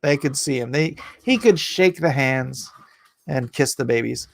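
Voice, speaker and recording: A man's voice: medium pitch, measured pace, vocal fry. A man reading scripture aloud on a casual livestream, breaking off to joke and greet chat viewers by name. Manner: laughs at his own asides.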